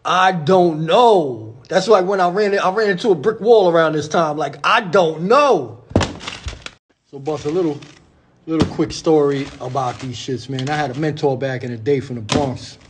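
A man's voice: on the high side, steady tone, fairly quick, noisy background. A man in his forties with a New York accent, a beatmaker telling stories in a laid-back, slangy way. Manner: laid-back street slang, lots of "you know what I'm saying". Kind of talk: casual storytelling vlog.

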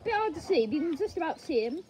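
A young woman vlogger chats playfully at an outdoor zoo, greeting the animals in a very high-pitched, sing-song voice at a quick pace. Crowd chatter can be heard behind her.

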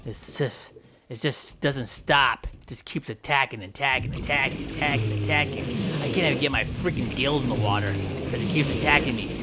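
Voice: mid-range voice, normal speed, heavy background noise. A gameplay commentator giving playful, rambling let's-play commentary, teasing and pleading with the game as they play.

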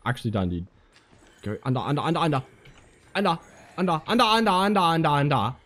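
A man's voice: on the high side, animated, brisk, a bit bright. Jumpy, swearing man commentating a horror game. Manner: jumpy, swearing, talks to the game's enemies. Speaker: gaming commentator.

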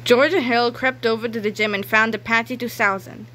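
Bright woman reading a kids' book aloud. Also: a little high, fairly quick. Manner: lively expressive storytelling. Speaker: narrator. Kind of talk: children's book read-aloud.

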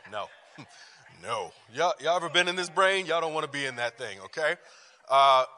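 A man teaching a church class tells a personal story in an animated way, laughing often and talking straight to the room. His medium-pitched voice comes through a handheld microphone with a big-room sound in the church hall.

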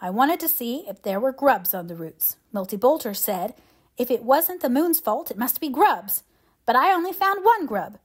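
A woman's voice: lively intonation, normal speed, breathy edge. Davy, a woman doing an eager little boy. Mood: chatty. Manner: chatty, boastful, higher-pitched boyish delivery. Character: eager, excitable little boy who loves mud.

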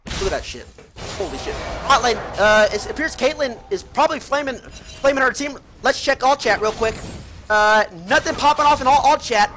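A man streaming live esports commentary on a tournament match, profane and excitable, yelling through the fights. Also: very high-pitched, normal speed, slight background noise. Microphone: headset. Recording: game music playing behind.

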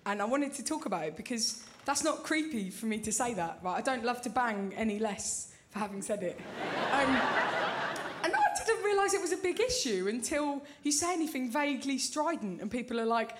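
High-voiced woman doing stand-up. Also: lively intonation, fairly quick. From Britain. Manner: chatty, checks in with "right?". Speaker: stand-up comedian. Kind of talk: stand-up comedy set. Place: comedy club stage. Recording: loud crowd noise in a club.

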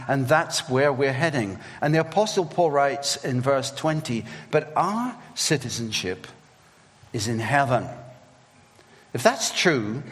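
Church preacher, slow earnest reading, big echoey hall sound. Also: male voice, on the high side. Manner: measured, reads scripture slowly and earnestly. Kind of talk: sermon with scripture reading. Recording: long reverb of a church hall.

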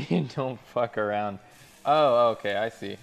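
A man's voice: mid-range voice, unhurried, vocal fry, highs cut off, soft background music. A man streaming, reading out chat messages and chatting casually in a laid-back, rambling way with frequent laughs.

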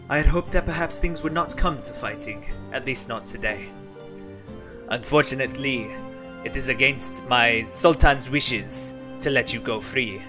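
A man's voice: mid-range voice, lightly acted. Man putting on a poetic, stately desert sultan. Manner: slow, measured, flowery speech in a put-on accent. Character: regal poetic male desert sultan, courteous.

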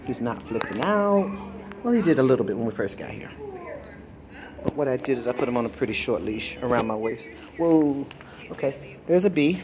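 A woman's voice: a bass voice, lively intonation, normal speed, noisy background. Woman praising her dog in soothing tones. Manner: soothing, praising, firm short commands to a dog. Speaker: dog trainer vlogging a training session. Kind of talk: casual vlog narration and talk to a dog. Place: outdoors by a public pool.

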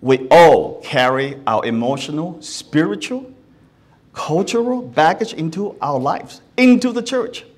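Male pastor, high voice, earnest sermon with frequent restarts. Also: expressive, measured pace, slightly rough. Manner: earnest, asks the listeners many questions; often restarts words mid-sentence.

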